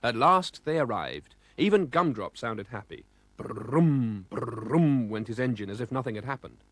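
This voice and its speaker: A man's voice: medium pitch, expressive, moderate pace, fairly bright tone, dry recording. A man with a British accent narrating a children's storybook expressively, voicing sound effects.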